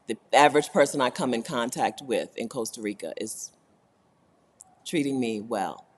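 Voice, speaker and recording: American woman, low-pitched, very lively delivery, casual laughing livestream chat, long room reverb. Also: moderate pace. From United States. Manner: animated, laughing, repeats "right?". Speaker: vlogger.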